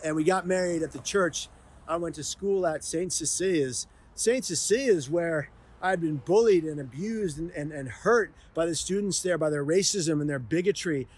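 Earnest, emotional man vlogging. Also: fairly high pitch. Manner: earnest, emotional, heartfelt confessional. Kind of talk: personal vlog monologue.

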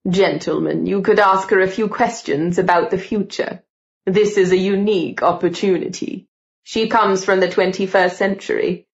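A woman voicing an old aristocratic male count who talks in a slow, grand and theatrical way. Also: medium pitch, steady tone, highs cut off, close to an everyday voice. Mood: grandly scheming.

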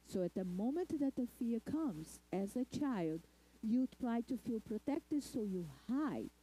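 A woman giving a lecture talk at a spiritist center, speaking deliberately and checking in with the audience. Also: a little high, lively intonation, warm tone, husky, low-quality recording. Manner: deliberate, asks the audience "okay?" often.

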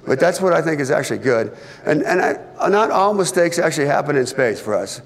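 Middle-aged man, guest speaker, gravelly tone, easygoing and anecdotal delivery, reverberant hall. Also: on the high side, fairly quick. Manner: relaxed, conversational storytelling with light humor. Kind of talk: public presentation. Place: large event hall.

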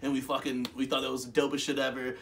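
A man co-hosting a casual chat show, swearing freely and getting loud while telling stories. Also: medium pitch, quick pace, recorded from a distance, slight background noise. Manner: profane, excitable storytelling, gets loud when animated. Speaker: co-host.

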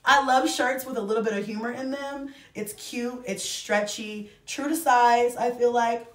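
A woman's voice: a little high, steady tone, a little slow. A woman in her thirties, a mother chatting effusively to camera as she shows off a shopping haul and calls her viewers y'all. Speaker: vlogger reviewing a shopping haul. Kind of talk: casual chat to camera. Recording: echoey room, mic at a distance.

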